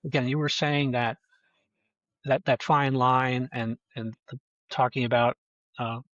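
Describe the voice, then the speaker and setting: Man, mid-pitched voice, halting speech, muffled lo-fi sound, dry. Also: flat delivery, a bit bright, no room sound. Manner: halting, many restarts and fillers. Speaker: filmmaker guest. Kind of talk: casual conversation. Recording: dull lo-fi audio.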